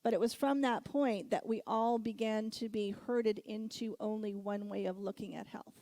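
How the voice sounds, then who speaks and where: Middle-aged woman speaker, warm storytelling sermon, laughs often, dry close sound. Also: medium pitch, moderate pace, no echo. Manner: storytelling, laughs often, animated when recounting. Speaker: guest speaker.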